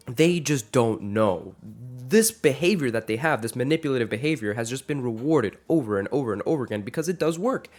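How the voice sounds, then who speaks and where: A man in his twenties giving an earnest, rambling vlog rant to camera, with frequent restarts. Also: medium pitch. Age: 20s. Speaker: vlogger.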